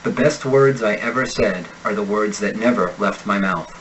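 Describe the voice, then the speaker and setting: A man with a General American accent, an accent instructor reading example sentences and single words slowly and deliberately in a pronunciation lesson. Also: on the low side, fairly bright tone, slight background noise, low-quality recording. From United States. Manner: slow, deliberate enunciation of sample words.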